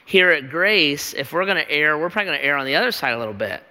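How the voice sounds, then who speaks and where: A man pastor preaches in a church, building his points through emphatic, repeated phrases. His voice sits slightly high, with a bright, forceful tone. Long reverb hangs around every line. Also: expressive, fast. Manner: emphatic, repetitive rhetorical cadence. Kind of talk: sermon.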